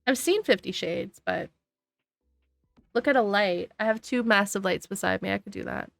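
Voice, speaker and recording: A woman streams a game on a desk microphone, chatting casually and answering her chat while sniffly, sleepy, and yawning. Her medium-pitched voice is creaky and a bit bright at a moderate pace, with faint music behind and no room sound.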